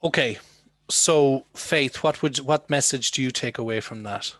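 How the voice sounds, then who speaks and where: A man's voice: mid-range voice, measured pace, a bit bright. A male English teacher leads a lesson over a video call, asking his students questions in a conversational way. The sound is dry and close, with no room echo. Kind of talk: online lesson.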